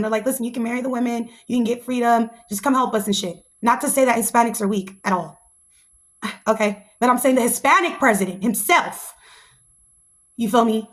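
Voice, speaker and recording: A young woman, hosting a podcast in a sassy, animated casual monologue. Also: a little high. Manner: animated and sassy, slips into mocking put-on voices. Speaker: podcast host.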